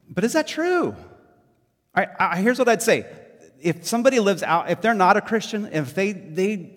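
A man preaching a sermon as pastor, talking in a loose, conversational way with lots of fillers and lively storytelling. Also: high voice, moderate pace, in a large hall.

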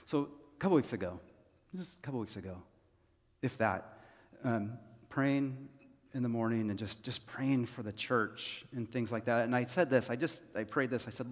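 A man's voice: medium pitch, normal speed. Male senior pastor with a mid-range voice, delivering an earnest, conversational sermon, with the long reverb of a church hall. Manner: earnest, repeats key phrases to the congregation. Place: church sanctuary.

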